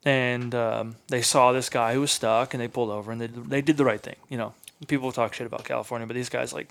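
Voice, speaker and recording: A guy on a podcast spinning a story, casual and animated, cussing a lot and saying "like" constantly. his voice sits in the middle, neither high nor low, and he sounds fired up. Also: quick pace, creaky. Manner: animated, swears freely, many fillers. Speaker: podcast guest, hunter. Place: in-person recording on a hunting trip.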